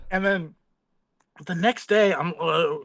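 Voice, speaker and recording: Young male comic storyteller, high voice, dry booth sound. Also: slow pace, creaky, fairly bright tone, no room sound. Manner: rambling comic storyteller, acts out voices in his anecdotes. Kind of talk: casual storytelling.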